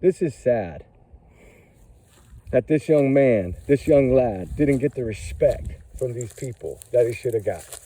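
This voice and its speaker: A man's voice: mid-range voice, animated, a little slow, mellow, recorded from a distance, poor audio. A man in a casual commentary vlog, rambling and impassioned, firing off question after question. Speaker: vlogger.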